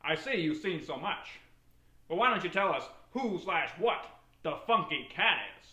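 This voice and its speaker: A man playing an excitable, bumbling young detective in a comedy web drama. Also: high-pitched, moderate pace, reverberant, heavily acted, rough recording. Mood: goofy. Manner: excitable, jokey. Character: bumbling young male detective, eager and goofy.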